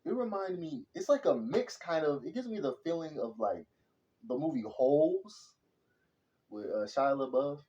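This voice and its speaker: A man giving a casual, slang-heavy movie review, animated and chatty, calling everyone "bro.". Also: mid-range voice, lo-fi sound. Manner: slangy and animated, says "bro" and "hella" constantly.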